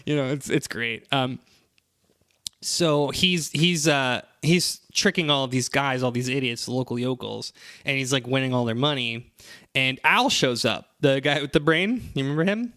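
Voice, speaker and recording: A man's voice: medium pitch, normal speed, dry recording. A man casually recapping a comic series on a podcast, rambling with lots of fillers and playful quoted lines. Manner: rambling, animated retelling with many fillers. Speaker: podcast host summarizing a comic. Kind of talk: casual chat.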